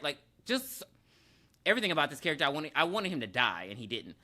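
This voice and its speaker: A man recapping a film on a podcast in loose, casual chat. His voice is bright and lively, swinging up and down as he slips into quick impressions of the characters. He laughs easily as he goes. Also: fairly high pitch. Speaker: podcast co-host.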